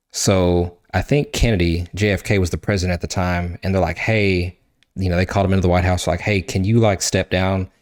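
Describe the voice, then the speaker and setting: A man hosting a podcast, casually retelling a comic book story in an animated way, swearing and acting out what the characters say. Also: deep voice. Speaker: podcast host.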